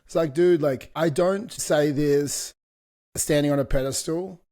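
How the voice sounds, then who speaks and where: A man's voice: on the high side, measured pace, dark tone. A middle-aged man co-hosting a fitness podcast, talking in a blunt, motivational coaching way with some swearing. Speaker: podcast co-host.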